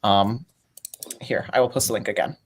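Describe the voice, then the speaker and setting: A man's voice: fairly low pitch, normal speed, slight background noise. A man hosting a casual online chat, talking animatedly with frequent laughs over a video call. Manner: giggly, animated, lots of "like". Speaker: host. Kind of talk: casual live-streamed chat.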